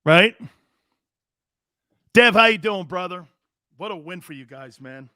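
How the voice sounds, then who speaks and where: A man's voice: high-pitched, no room sound, clean studio sound. A middle-aged man hosting a sports talk show, brash and opinionated. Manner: brash and animated, quick to laugh.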